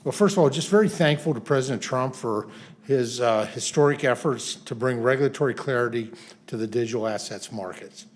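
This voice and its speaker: A man's voice: medium pitch, brisk. A man, a congressman, giving a statement at a press conference, with many fillers and restarts.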